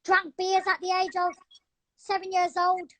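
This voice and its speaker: A man's voice: very high-pitched, monotone, unhurried, over a noisy crowd. A man improvising a laid-back English bloke who misses the pub, chatty and rambling. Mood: matey.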